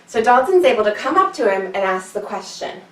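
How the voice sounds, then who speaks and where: Woman, kids yoga teacher, playful storytelling, sing-song, high voice, echoey room from a distance. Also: big pitch swings, fairly quick, fairly bright tone. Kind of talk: storytelling yoga class for children.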